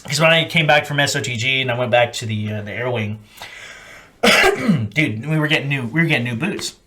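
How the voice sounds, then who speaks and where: A man hosting a podcast, telling stories in casual, profane chat and acting out yelling sergeants. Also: medium pitch, animated, fairly quick. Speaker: podcast host.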